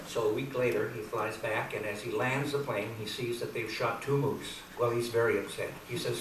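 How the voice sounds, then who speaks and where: A man's voice: mid-range voice, fairly even intonation, moderate pace. A man telling folksy jokes live on stage in a grange hall, chuckling through his stories with easy fillers. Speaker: comedian and folk entertainer. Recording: echoey hall from far off with room noise.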